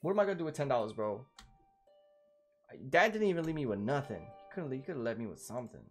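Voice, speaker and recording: A man's voice: mid-range voice, big pitch swings, fast talker, faint music behind. A man giving casual, profane, joking commentary while playing a game and reading it aloud. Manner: profane, joking, laid-back. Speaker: game streamer.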